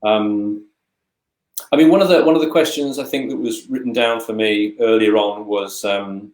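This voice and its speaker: Over a video call with an echoey room, a British co-host who teaches English chats casually during an online webinar. His fairly low, darkish voice moves at a moderate pace, full of stammers, repeated words, and fillers.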